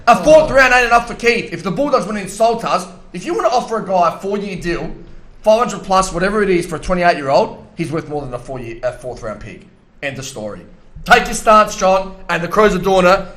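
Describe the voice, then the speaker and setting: Brief: man, high voice, fiery sports rants between the banter. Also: expressive, fairly quick, slight background noise. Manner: ranting, shouting when worked up. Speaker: podcast co-host.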